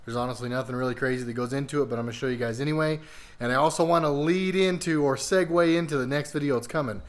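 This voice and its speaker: Man vlogger, smooth clear voice, mid pitch, loose rambling delivery. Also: fast. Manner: relaxed, rambling with many fillers. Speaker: car vlogger. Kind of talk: casual vlog walkthrough. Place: home garage.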